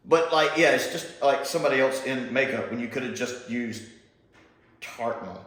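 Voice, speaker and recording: A man giving a casual spoken review of a TV episode, rambling and animated, with exasperated asides. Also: mid-range voice, moderate pace. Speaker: TV show reviewer. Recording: very echoey room.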